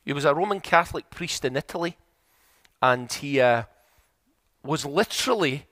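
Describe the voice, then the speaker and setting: A man's voice: fairly high pitch, lively intonation, moderate pace, a bit bright, dry recording, studio quality. A middle-aged man preaching a sermon in a church, telling stories earnestly and building to emphatic, repeated points.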